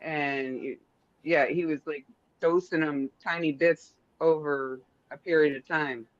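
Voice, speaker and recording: A man's voice: on the high side, steady tone, measured pace. A man co-hosting a casual advice show, swearing freely and talking with animation. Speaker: co-host. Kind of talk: casual podcast chat. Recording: dry, dull lo-fi sound.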